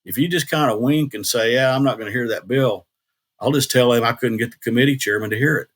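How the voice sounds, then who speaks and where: A man's voice: mid-range voice, quick pace, lightly acted. A man voicing a folksy older male state legislator with a rural Oklahoma country accent, candid and slyly cynical. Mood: wry, conspiratorial.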